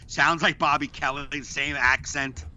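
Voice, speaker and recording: A young man co-hosting a podcast, telling stories in a lively way and acting out what people said. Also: a little high, slow pace, a little hiss or hum. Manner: animated storyteller, acts out quotes. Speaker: podcast co-host. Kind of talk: casual chat, storytelling.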